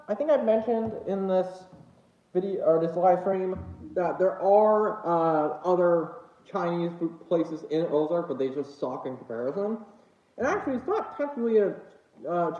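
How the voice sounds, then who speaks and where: Casual livestreamer, male, lively up-and-down delivery, winded and hesitant, echoey lo-fi home room. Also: on the high side, slight background noise. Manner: rambling, hesitant, many fillers. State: out of breath. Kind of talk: casual eating livestream chat. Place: home room with dogs nearby. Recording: echoey room, dull lo-fi sound.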